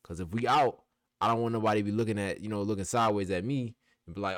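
A man co-hosting a casual podcast chat, talking in a loose, relaxed way with his friends. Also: on the low side, fast, no echo. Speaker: podcast co-host.

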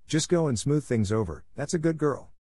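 A man voicing a shy, gentle elderly farmer who coaxes kindly and hesitantly. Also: fairly high pitch, lively intonation, normal speed, slightly rough, no room sound, studio quality, voice pushed up. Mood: coaxing.

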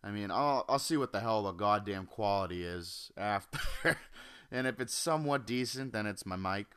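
Young male podcast host, solo rant at home, crisp voice, constant cursing, drifts off topic. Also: on the low side, expressive, moderate pace, fairly bright tone. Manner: profane, rambling, jumps off topic. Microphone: home computer or desk mic.

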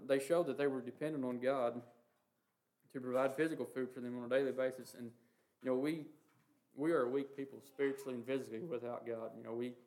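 This man's informal sermon on the Lord's Prayer comes in a level, mid-pitched voice with little variation. Earnest from start to finish, he halts often, leans on fillers like "um" and "you know," and reads passages of scripture aloud.

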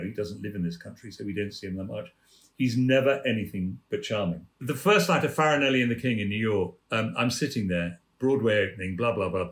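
An older man, a theatre producer and guest, telling stories in a leisurely, amused way and acting out the people in them. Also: on the low side. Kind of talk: anecdotal storytelling.

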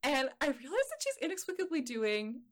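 A woman's voice: sits high, very animated, a little fast. A woman in her late twenties, co-hosting a podcast in casual, enthusiastic chat with many fillers. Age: late 20s. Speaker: podcast co-host.

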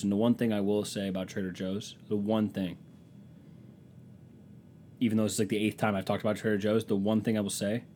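Guy with a lowish voice ranting casually, sarcastic, cusses a lot. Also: mellow, slight background noise. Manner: sardonic, profane storytelling with mocking put-on voices. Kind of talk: casual monologue.

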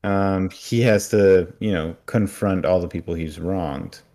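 A man's voice: deep voice, steady tone, unhurried, mellow. A man co-hosting a podcast, casually recapping an episode and acting out characters' lines as he retells scenes. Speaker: podcast co-host.

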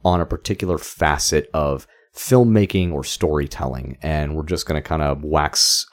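A man's voice: very deep voice, moderate pace. A man co-hosting a film podcast in casual, jokey chat, laughing often. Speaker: podcast co-host.

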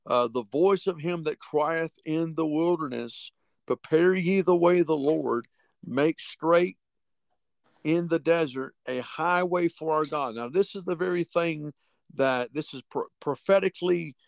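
Gravelly-voiced fervent male preacher. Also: on the high side, unhurried, no echo. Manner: fervent, repeats phrases, draws out scripture readings. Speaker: podcast host and preacher. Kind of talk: Bible teaching.

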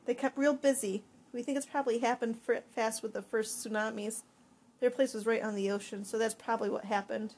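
A woman's voice: on the high side, fairly even intonation, a little fast, darkish tone, husky. A woman voicing an earnest, fretful teenage boy in an audiobook reading, his talk rising to agitation. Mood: somber.

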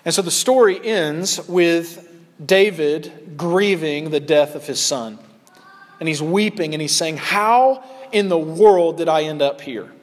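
A man delivers a sermon as pastor, earnest and deliberate, stretching out his key phrases for weight. His voice sits somewhat high for a man. The sound rings with the long reverb of a large hall, as in a church sanctuary.

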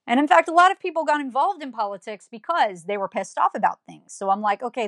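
A woman's voice: on the high side, no room sound, clean studio sound. Blunt, emphatic woman ranting. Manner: emphatic, fires rhetorical questions; blunt and scolding. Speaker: commentator. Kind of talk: opinion monologue.

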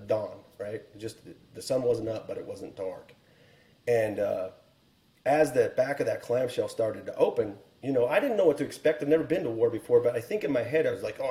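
A man's voice: medium pitch, mellow, roomy sound. A man in his forties, a military pilot guest, telling a war story in an earnest, reflective way on a podcast. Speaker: guest, Air Force helicopter pilot and author.

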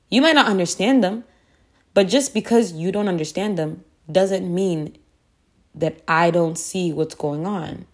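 Woman host for a faith podcast: earnest, emphatic repetition, lower-middle voice. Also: measured pace. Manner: earnest, repeats phrases for emphasis. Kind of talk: devotional podcast talk.

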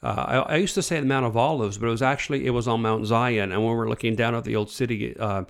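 A man from Canada, the show's host, telling a personal story in casual, animated talk and acting out the dialogue. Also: medium pitch, quick pace, vocal fry. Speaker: podcast host.

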